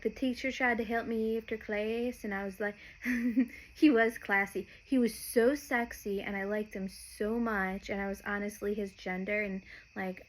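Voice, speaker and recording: A woman's voice: medium pitch, a little hiss or hum, poor audio. A young woman from Nashville, talking in a rambling, chatty podcast monologue that often breaks off and restarts mid-sentence. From Nashville, Tennessee. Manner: chatty, meandering, self-interrupting. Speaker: podcast host.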